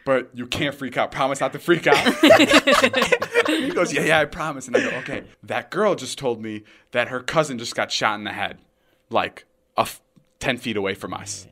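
Bright-voiced young man telling a story. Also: medium pitch, normal speed. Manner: animated, swearing often, acts out quotes. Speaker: podcast host. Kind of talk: casual storytelling.

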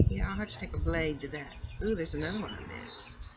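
A woman's voice: low-pitched, lively intonation, a little fast, hardly any pauses, muffled recording, very noisy. Teasing mother chatting outdoors. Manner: dry, teasing remarks. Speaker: vlogger's mother. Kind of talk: casual chat.

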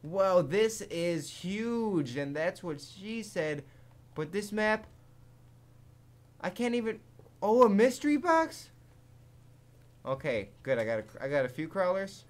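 Jumpy, excitable male gaming commentator. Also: sits high, unhurried. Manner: excitable, jumpy, swears a lot; laughs at his own jokes. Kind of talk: live gameplay commentary.

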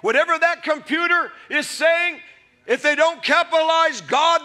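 A man in his fifties preaching a sermon to a live congregation, emphatic and often shouting, with jokey storytelling. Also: extremely high pitch, normal speed. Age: 50s. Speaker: pastor. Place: church service before a live congregation.

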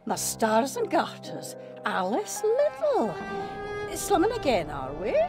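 An actress playing a greedy, scheming older nurse, muttering and wheedling in a game. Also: female voice, fairly high pitch, wildly swooping pitch, slow, full character voice. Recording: game audio with music behind.

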